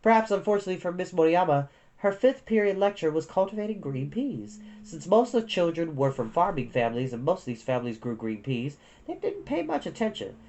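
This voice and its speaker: A woman reading a novel aloud with expressive storytelling. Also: lowish voice, brisk, hardly any pauses, a little hiss or hum.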